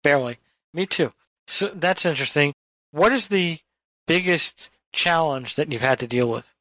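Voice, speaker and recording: A man's voice: a little high, moderate pace, sharp tone, no echo, low-quality recording. A man from New York hosting a radio talk show in a joking, playful way into a studio microphone. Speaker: radio host.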